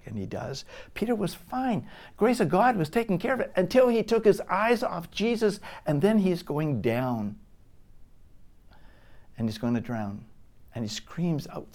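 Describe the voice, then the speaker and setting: Male pastor, middle-aged, sermon delivery, dynamic, loud peaks and hushed asides. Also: medium pitch, very animated, unhurried. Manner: dynamic preaching, swings from loud emphasis to hushed whispers.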